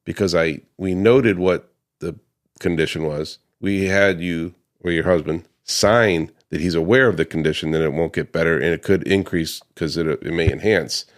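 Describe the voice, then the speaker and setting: A deep-voiced American man speaking at a normal pace tells a casual story to camera about a dispute with a client. He runs a paver restoration business, and as he talks he imitates the customers he quotes, with lots of ums and restarts along the way.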